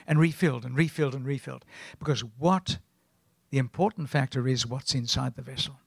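Older south african guy preaching, rambly storyteller, gravelly voice, dry close sound. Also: medium pitch, normal speed, no echo. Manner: rambling, anecdotal, often clears throat. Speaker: guest preacher. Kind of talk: sermon.

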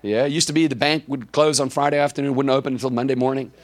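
A South African man, a preacher, telling a story in a sermon, animated and anecdotal, often repeating words as he goes. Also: mid-range voice, racing.

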